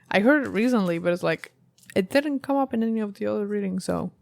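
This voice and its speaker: A woman's voice: mid-range voice, expressive, normal speed, creaky, darkish tone, dry recording. A woman giving a casual tarot reading to camera, rambling and thinking aloud with many fillers. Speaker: tarot reader.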